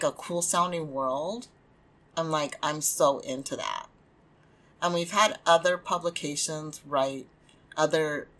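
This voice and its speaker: A woman's voice: low voice, fairly bright tone. A woman hosting a podcast, talking candidly and casually, venting with lots of fillers. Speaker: podcast host and small press publisher. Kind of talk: casual solo podcast talk.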